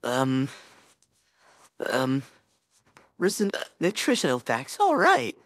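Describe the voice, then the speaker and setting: A woman's voice: extremely low pitch, huge pitch swings, slow, no echo, full character voice. A woman voicing a flustered teenage boy hero-in-training, rambling anxiously and talking himself up in a listener role-play. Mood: pleading. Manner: rambling, anxious, self-encouraging.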